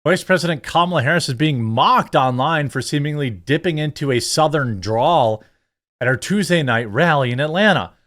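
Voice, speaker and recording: A middle-aged man rants through political commentary, indignant and sarcastic. His pitch swings widely as he hammers his points home. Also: animated, moderate pace, a bit bright. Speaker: commentary channel host.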